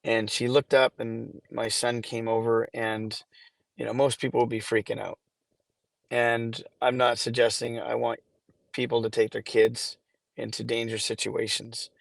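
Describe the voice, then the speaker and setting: A man in his forties with a gravelly, fairly level voice, recorded dry and close. He tells his stories haltingly, with frequent restarts, and gets emotional as he goes. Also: medium pitch, completely flat delivery, dry recording. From Canada. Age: 40s. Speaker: charity founder guest. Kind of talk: podcast interview storytelling.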